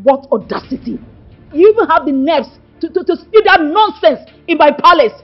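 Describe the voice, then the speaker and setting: Brief: fierce Nigerian queen mother, very high and lively, scolding, dull audio with music. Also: normal speed. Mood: indignant. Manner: indignant scolding. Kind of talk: Nollywood film acting.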